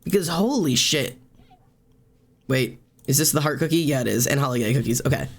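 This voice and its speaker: A man's voice: medium pitch, lively intonation, fairly quick, slightly rough. A young man streaming a game, exclaiming often and talking in an emotional, tearful, laughing way.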